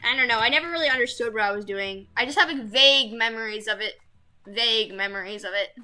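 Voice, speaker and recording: Bright-voiced young woman streamer. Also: on the high side, fast, soft background music. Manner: gushing, squeals over cute things. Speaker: VTuber streamer. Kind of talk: casual gameplay chat with viewers.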